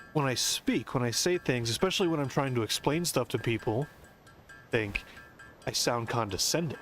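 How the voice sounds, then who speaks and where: Rambling American man streaming a game. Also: mid-range voice. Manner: musing, talkative, explanatory. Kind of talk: casual rambling commentary.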